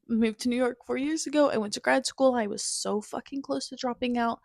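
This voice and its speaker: Young woman podcast host, higher voice with fry, candid, profane, self-deprecating storyteller. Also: no room sound, clean studio sound. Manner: blunt, swears freely, self-mocking; shifts between wry humor and raw emotion.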